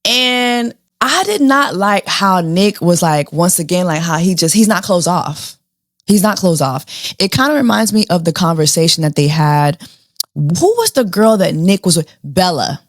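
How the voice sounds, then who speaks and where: A woman's voice: on the low side, lively intonation, moderate pace, no echo, studio quality. A woman hosting a casual reality TV recap, sassy and slangy, firing off rhetorical questions. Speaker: show host.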